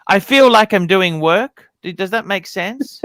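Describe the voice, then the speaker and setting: A man's voice: sits high, lively intonation, a little slow, a bit bright, no room sound. A man hosting a casual livestream, chatting with his guests, asking them questions and swearing freely. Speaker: livestream host.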